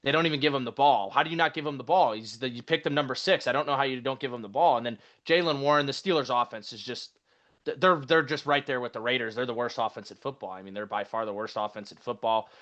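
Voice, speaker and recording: A man's voice: medium pitch, quick pace, a bit bright, dull audio, natural voice. Man doing a ranting fantasy football buddy. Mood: exasperated. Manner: exasperated rant, swearing. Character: grumpy adult male fantasy football manager ranting. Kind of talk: mock impression in podcast chat.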